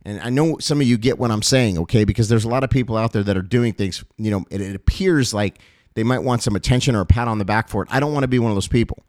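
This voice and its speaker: A man's voice: lowish voice, quick pace, darkish tone, no echo, studio quality. A male pastor giving a heartfelt address to his ministry's supporters, earnest and emotional, often repeating phrases and using fillers.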